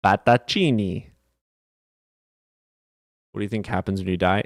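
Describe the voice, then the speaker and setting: A man streamer in casual livestream chat, reading and answering chat questions in a rapid, profane, offhand way. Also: fairly low pitch, no echo, studio quality.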